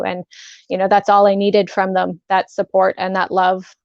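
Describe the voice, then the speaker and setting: A woman telling a painful personal story as a talk-show guest. She speaks haltingly, with many restarts and an emotional edge. The sound is dry and slightly muffled. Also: mid-range voice, completely flat delivery, gravelly, clean tone, no echo.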